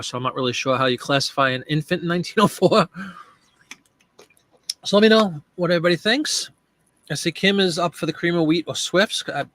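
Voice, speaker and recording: A man at an ordinary middle pitch hosts a relaxed live stream, chatting as he works through tasks. He talks aloud through each step and greets viewers by name. His voice sits close and dry, with almost no room sound. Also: dry recording. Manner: chatty, thinks aloud while working, addresses viewers by name. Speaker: live-stream host and online seller. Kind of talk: casual live-stream chat.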